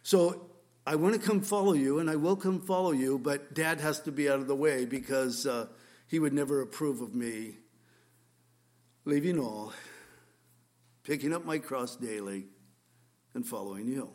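A man preaching a sermon, reading scripture and expounding on it, swinging between loud rhetorical questions and quiet asides. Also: mid-range voice, normal speed, long pauses. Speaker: pastor.

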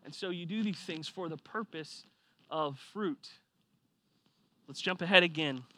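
A man preaching a sermon, telling a personal story with lively swings from quiet reflection to loud excitement. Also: fairly high pitch, a little slow. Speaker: pastor.

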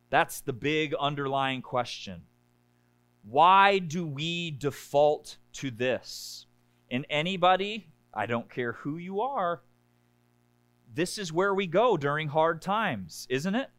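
A man's voice: lively intonation, takes it slowly, a bit bright, dry recording. Man preaching a conversational sermon. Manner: conversational preaching, keeps asking the congregation "right?"; acts out complaining voices in a high whiny pitch. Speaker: pastor.

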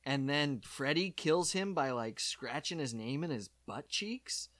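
A man hosting a casual chat, joking and animated as he retells films. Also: mid-range voice, measured pace, no room sound. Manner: animated, joking, puts on voices for comic bits. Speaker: podcast host.

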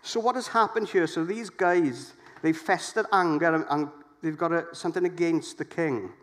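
A middle-aged man preaching a sermon, lively and jokey, putting questions to the congregation. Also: a little high, normal speed.

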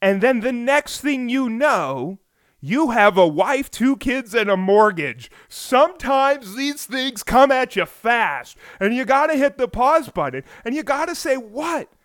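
A man riffing through a solo podcast monologue, his voice pitched high and leaping all over the place. He fires off rhetorical questions, going loud one moment and hushed the next. The sound is dry and close, with no room echo. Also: sing-song, measured pace. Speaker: podcast host. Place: home on the US West Coast.

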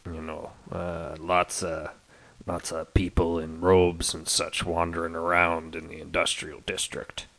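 A man voicing a gruff, dim-witted male rumor-monger in a tabletop game, rambling with a wandering accent and lots of hesitations. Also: low-pitched, monotone, a little slow, fairly bright tone, pitched below the performer's own voice, heavily acted, poor audio.

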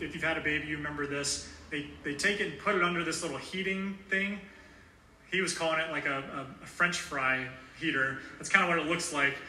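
A man's voice: a little high, bright, forceful tone, slight background noise. A man pastor giving a sermon in a church, earnest and conversational, with occasional fillers. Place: church sanctuary. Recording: echoey room heard from a distance.

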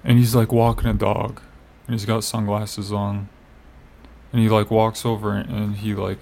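A man chatting casually with a rough, gravelly edge to his voice. He tells a story in a loose, meandering way, padding his sentences with "like" and dropping in the odd curse. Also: fairly low pitch, little pitch movement, a little slow, darkish tone. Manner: rambling storyteller, heavy on "like" fillers, swears. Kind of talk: casual chat.

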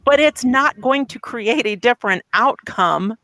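A guest in a casual discussion, talking quickly and with emphasis. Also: mid-range voice, animated, sharp tone, slight background noise.

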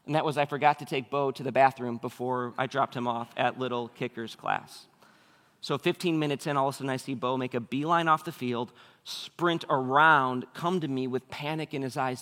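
A man in his thirties preaching a sermon as a pastor, telling stories with animated acted-out voices. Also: medium pitch, a little fast, long reverb tail. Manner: animated storytelling, acts out quoted voices.

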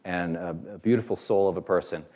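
A man preaching a sermon in a conversational, halting way with many fillers, lifting his voice when he quotes other people. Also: deep voice. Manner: voice rises and grows louder when quoting others. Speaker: pastor.

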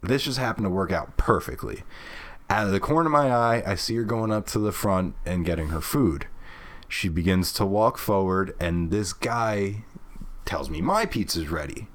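A man's voice: deep voice, moderate pace. A young man from Brooklyn, telling a story in casual chat, swearing freely and filling with "like". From Brooklyn, New York. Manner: swears freely, rambling with lots of "like".

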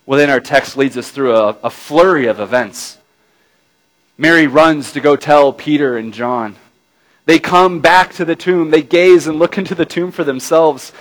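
A man's voice: on the high side, poor audio. A man preaching a sermon, retelling a scripture scene dramatically, dropping his voice to a near-murmur at tender moments and asking his listeners questions along the way. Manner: addresses listeners with tag questions.

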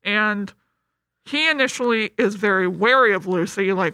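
Bright-voiced woman retelling a movie plot. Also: medium pitch, moderate pace, no room sound. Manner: chatty, retells the plot with lots of fillers. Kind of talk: casual chat about a movie.

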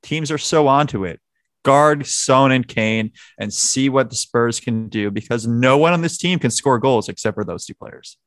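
A man co-hosting a casual football podcast, animated and jokey, swearing as he talks. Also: medium pitch, moderate pace, no room sound. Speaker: podcast co-host. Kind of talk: casual sports chat.

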